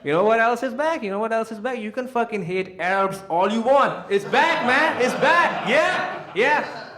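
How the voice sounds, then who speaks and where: A man's voice: very high voice, expressive, moderate pace, sharp tone. Guy in his 20s hosting a comedy club roast, brash and crude, ribbing the crowd, echoey room. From India. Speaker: roast battle host. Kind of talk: stand-up with crowd work.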